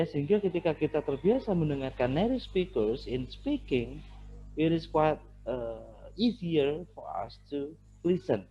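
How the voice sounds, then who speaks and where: Man with an indonesian accent, english teacher, mellow voice, repeats phrases slowly, muffled recording. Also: on the high side, slightly rough. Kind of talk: lesson commentary over a video. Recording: dull, slightly noisy recording.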